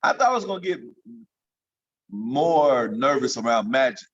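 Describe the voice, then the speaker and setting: A man telling lively stories as an interview guest, leaping up in pitch when he gets excited. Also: moderate pace, dull audio. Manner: animated storyteller, jumps high in pitch for excited quotes. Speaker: guest, former pro basketball entertainer. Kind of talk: storytelling in casual interview.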